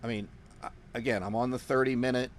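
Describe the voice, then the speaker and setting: A man teaching forex trading live as he works through his screen. He talks in an excitable, boastful way, laughs often, swears casually and repeats phrases for emphasis. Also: medium pitch, a little fast, a little hiss or hum.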